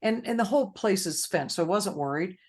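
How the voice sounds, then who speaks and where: A woman's voice: mid-range voice, animated, a little fast, a little mellow, slightly rough. A woman hosts a faith-based grief support group over a video call. She talks in a chatty, rambling way, full of fillers and small restarts, as she tells everyday stories. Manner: chatty, storytelling with many fillers.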